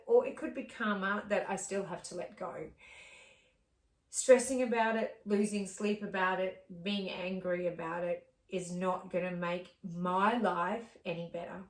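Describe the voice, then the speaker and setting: A middle-aged woman talking through her life in a rambling, heartfelt way, with many fillers, in a casual vlog. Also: medium pitch. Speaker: vlogger. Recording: echoey room, distant mic.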